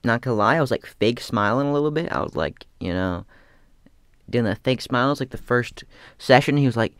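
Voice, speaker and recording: A man's voice: medium pitch, animated, moderate pace, fairly bright tone, no echo, clean studio sound. Slangy, profane young man rambling. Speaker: aspiring comedian. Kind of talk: casual rambling monologue.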